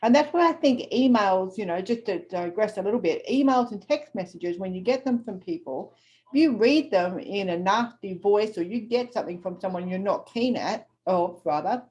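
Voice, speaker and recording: Australian woman, middle-aged, podcast co-host, blunt, sweary, lively talk, dull lo-fi recording. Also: mid-range voice, normal speed. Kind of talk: casual chat.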